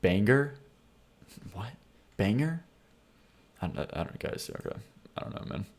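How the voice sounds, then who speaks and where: A man's voice: on the low side, sing-song, fast talker. A young man streaming live, reviewing songs in casual chat, blunt and joking as he reads and argues with his chat. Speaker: streamer reviewing viewer song submissions.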